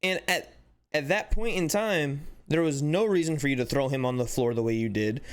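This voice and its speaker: A man hosting a sports channel, giving casual, animated commentary with exasperated rhetorical questions and lots of "like". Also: fairly high pitch, moderate pace, smooth. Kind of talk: casual commentary breaking down footage.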